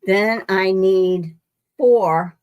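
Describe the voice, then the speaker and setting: A woman's voice: medium pitch, very slow, darkish tone, clear, resonant tone. A woman hosting a casual live quilting demonstration from her sewing room, rambling and restarting her sentences as she greets viewers by name. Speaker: quilting livestream host.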